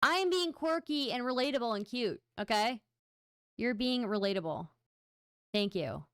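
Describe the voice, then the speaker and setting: A woman's voice: a little high, animated, normal speed, fairly bright tone, clear, resonant tone, dry recording, clean studio sound. A woman hosting a livestream, chatting casually and playfully with her viewers in a self-mocking way. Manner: playful, self-mocking, talks straight to chat. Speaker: livestream host. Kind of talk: casual stream chat to viewers.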